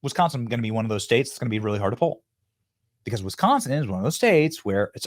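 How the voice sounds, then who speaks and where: Animated man hosting a political show. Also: mid-range voice, fast talker, no room sound, studio quality. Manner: emphatic, mocking, sudden loud outbursts.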